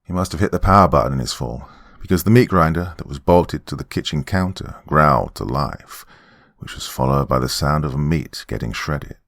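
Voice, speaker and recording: Deep-voiced male horror narrator, measured and dramatic, dry close-mic sound. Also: expressive, creaky, a bit bright, dry recording. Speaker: horror podcast host and narrator. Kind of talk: first-person horror story narration.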